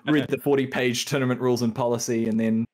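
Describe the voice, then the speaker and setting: A man's voice: medium pitch, steady tone, fast, darkish tone. A man, a podcast guest who rambles in casual chat and laughs often. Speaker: guest, rules manager.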